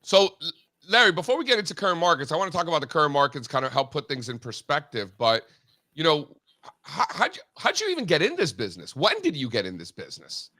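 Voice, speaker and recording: A male host interviewing his guest with eager enthusiasm. He talks quickly in a bright, forceful voice, his pitch leaping up and down animatedly. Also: big pitch swings. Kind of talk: casual interview.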